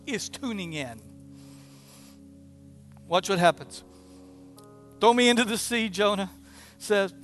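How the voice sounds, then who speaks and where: Animated high-voiced male preacher. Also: creaky. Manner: animated storytelling, acting out quoted prayers. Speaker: pastor. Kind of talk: sermon.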